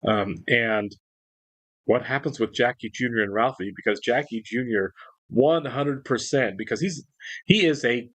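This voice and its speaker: A man's voice: mid-range voice, measured pace, a bit bright, dry recording. A man hosting a reaction show, talking through an episode recap in a casual, rambling way with frequent restarts. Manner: rambling, many restarts and fillers.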